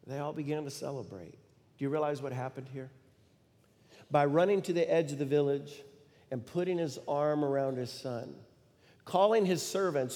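A middle-aged man preaching a sermon, telling a story in an animated way and acting out the quoted lines with sudden loud bursts. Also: a little high. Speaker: pastor. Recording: long reverb of a large hall.

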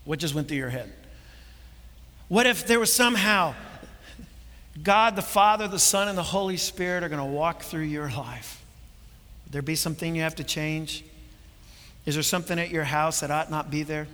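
High-voiced preaching man, hall reverb. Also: brisk, fairly bright tone. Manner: earnest preaching with rhetorical questions. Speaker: pastor. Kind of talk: sermon.

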